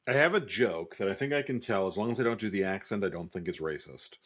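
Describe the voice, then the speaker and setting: Laid-back, low-voiced male podcast co-host. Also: animated. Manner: laid-back, halting, filler-heavy. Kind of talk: casual chat.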